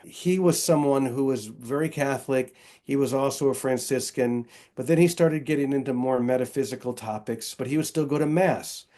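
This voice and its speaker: A man's voice: medium pitch, normal speed, dark tone. A man who is a guest on an interview podcast, speaking earnestly and reflectively about his faith and his work. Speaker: guest, author and Episcopal priest. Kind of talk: casual interview conversation.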